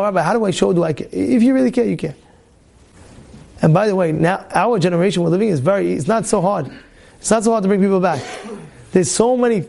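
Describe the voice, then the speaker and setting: Impassioned high-voiced rabbi, gravelly. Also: male voice, dark tone. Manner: impassioned, repetitive, acts out dialogue. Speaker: rabbi giving a Torah class. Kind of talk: Torah class sermon.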